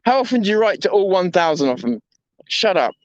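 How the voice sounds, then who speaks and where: Male vlogger, high voice, rambling reflective monologue, candid and self-deprecating, dull lo-fi recording. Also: very animated, fast talker, a little mellow, no echo. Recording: dull lo-fi dry sound.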